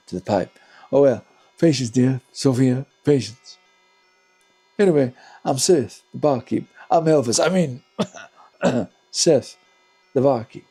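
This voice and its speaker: A man voicing a loud male tavern barkeep in a game, with an attempted Elvis-style drawl. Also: medium pitch, close to an everyday voice.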